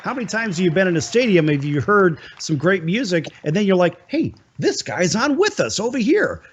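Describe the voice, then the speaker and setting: A man's voice: sits high, very animated, slightly rough. Upbeat talk-show host man, lo-fi sound. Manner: enthusiastic, promotional, quick asides. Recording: slightly dull lo-fi sound.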